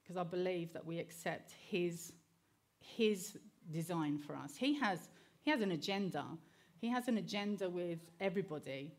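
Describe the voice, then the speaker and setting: A woman's voice: on the low side, moderate pace. A middle-aged woman giving an earnest sermon, mixing personal stories with scripture and often checking in with the listeners by asking "okay?". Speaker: preacher.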